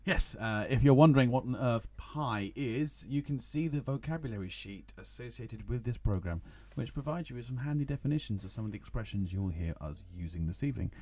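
A man's voice: medium pitch, animated, fairly quick, few pauses, a little mellow. A man from Kent hosting a podcast for English learners, theatrical and jokey, sometimes breaking into song. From England (Kent). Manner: theatrical, jokey, bursts into singing. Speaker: podcast host. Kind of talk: playful scripted podcast intro.

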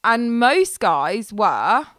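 A woman's voice: on the high side, very animated, very slow, fairly bright tone, dry recording, studio quality. A woman co-hosting a podcast, teasing and joking in casual chat. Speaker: podcast co-host.

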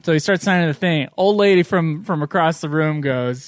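A man's voice: fairly high pitch, fairly even intonation, brisk, hardly any pauses, no echo, clean studio sound. A man co-hosting a casual podcast, ranting and swearing through a story with laughs. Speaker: podcast co-host.

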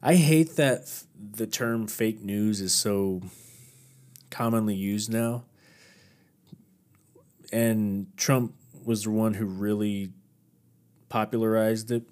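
A man's voice: fairly low pitch, steady tone, slow pace, pauses often, darkish tone. A man hosting his own podcast alone, chatting casually in a rambling, self-deprecating way. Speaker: podcast host. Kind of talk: casual solo podcast chat.

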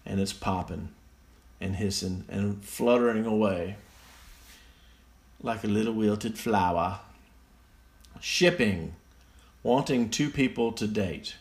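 Guy talking slow and low on his phone, sarcastic, poking fun. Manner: sarcastic, mocking, easily amused. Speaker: commentator reading slang definitions. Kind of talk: casual solo commentary.

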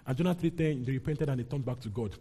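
Man preaching a Bible lesson, husky and mellow tone, animated delivery. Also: medium pitch, quick pace. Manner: animated, rising into mock outrage when voicing characters. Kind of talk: Bible teaching.

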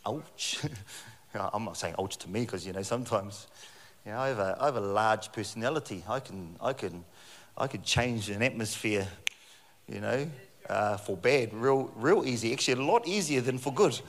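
A middle-aged man preaching a sermon in a church hall on a handheld mic, joking and telling animated stories. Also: fairly low pitch, normal speed. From New Zealand. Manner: jokey, animated storytelling with frequent laughs.

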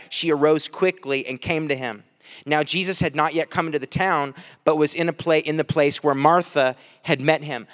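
A man's voice: a little high, a bit bright, big-room sound. A man preaching a sermon, reading scripture aloud and breaking off with light, chuckling asides to the congregation. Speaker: pastor.

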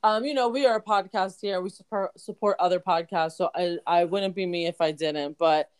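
A woman's voice: on the low side, fairly quick, clean tone. A young adult woman co-hosting a podcast, chatting casually and gushing, with casual swearing. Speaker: podcast co-host. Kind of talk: casual chat.

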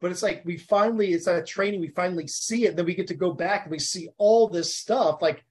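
A man in his forties from the United States, a podcast guest talking in an animated, earnest and heartfelt way. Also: high voice, fairly quick, hardly any pauses, husky. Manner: animated, earnest and heartfelt, talks about faith. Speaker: podcast guest, former Navy SEAL. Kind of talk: casual interview chat.

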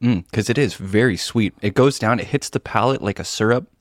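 A man's voice: on the low side, brisk, no echo, clean studio sound. A man in casual podcast chat, playful and chatty.

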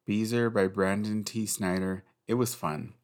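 Man, very low voice, casual late-night rambling, profane, giggly. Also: fairly even intonation, unhurried, darkish tone, clean tone. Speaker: book vlogger.

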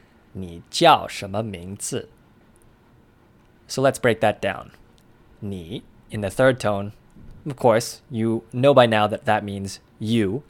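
A man co-hosting a language lesson, explaining pronunciation in a clear, methodical way. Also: mid-range voice. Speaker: language podcast co-host.

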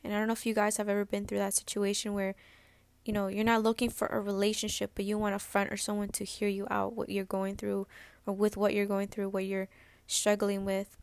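A woman's voice: mid-range voice, clean tone, no room sound. A woman in her twenties, hosting a podcast, candidly recounting a personal story in a rambling way, full of "like" and restarts. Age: 20s. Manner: candid, rambling, heavy use of "like". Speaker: podcast host.

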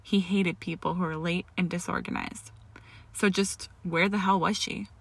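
A woman reading a story aloud in a steady, measured way. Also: on the low side, gravelly, dry recording. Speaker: fan fiction reader. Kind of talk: story narration.

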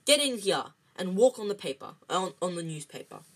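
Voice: mid-range voice, sing-song, normal speed, a bit bright. Aunt Petunia, a snappish bossy aunt , voiced by a reader. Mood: snapping. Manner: snapping orders. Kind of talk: amateur read-aloud storybook.

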